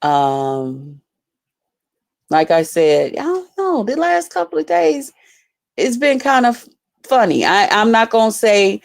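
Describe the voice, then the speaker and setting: A woman's voice: low voice, takes it slowly, vocal fry. A woman telling a story to her viewers in a casual vlog, cursing freely and calling them y'all. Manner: profane, animated, addresses viewers as y'all. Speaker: YouTuber telling stories to viewers.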